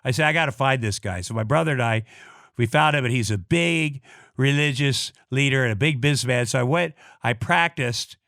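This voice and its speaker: A middle-aged man from Iowa tells a personal story as a guest, in a voice of ordinary pitch. He talks bluntly, swears freely and stumbles through restarts and repeated words. The sound is dry, with no room echo. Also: a little fast, a bit bright. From Iowa, USA. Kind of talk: personal storytelling in casual talk.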